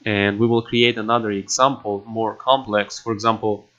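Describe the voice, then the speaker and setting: A man at his computer walking through a coding tutorial, halting and filling pauses with "you know" and "um". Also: lowish voice, steady tone, fairly bright tone. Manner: halting, with many fillers and restarts. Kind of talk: casual screen-recorded coding tutorial. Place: at a computer indoors. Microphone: desktop microphone. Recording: dull lo-fi desk mic.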